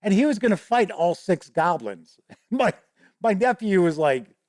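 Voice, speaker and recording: An unhurried man with a high, sing-song, darkish voice hosts a show, heard on a dry studio-quality recording. He rambles casually through a story from his tabletop game, making many restarts and voicing the players himself.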